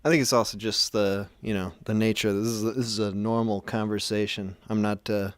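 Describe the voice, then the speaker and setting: A man's voice: lowish voice, little pitch movement, a little fast, no echo. A man hosting a call-in show, chatting casually on a close mic and joking with crude, teasing humor. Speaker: host.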